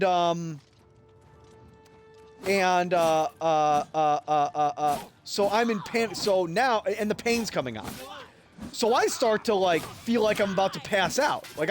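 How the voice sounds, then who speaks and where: A man streaming a game and telling a rambling, profane story in a casual, animated way. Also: high-pitched, measured pace, faint music behind. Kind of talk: casual storytelling while gaming.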